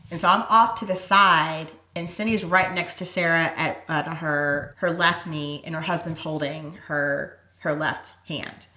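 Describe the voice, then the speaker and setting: A woman's voice: deep voice, steady tone, unhurried, few pauses, roomy sound. A woman telling an emotional personal story as a podcast guest, often dropping to a near whisper and filling with "like". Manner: softens to near-whisper when moved, many "like" fillers.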